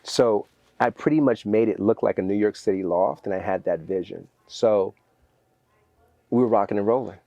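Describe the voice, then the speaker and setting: Brief: low-pitched male guest, energetic storyteller, dry studio sound. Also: normal speed, vocal fry, no room sound, muffled recording. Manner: energetic, animated storyteller acting out quotes. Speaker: guest, fitness trainer. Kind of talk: storytelling in a podcast interview.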